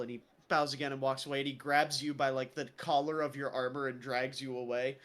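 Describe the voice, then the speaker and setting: A man narrating as game master on a livestream, playful and quick to laugh. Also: mid-range voice, flat delivery, fairly bright tone.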